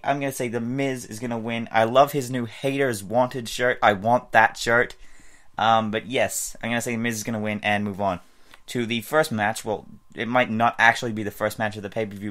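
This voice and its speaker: A man talks to camera in a casual predictions vlog at an ordinary middle pitch. He rambles from point to point, trailing off and restarting with plenty of fillers along the way. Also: fairly bright tone. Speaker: wrestling fan vlogger.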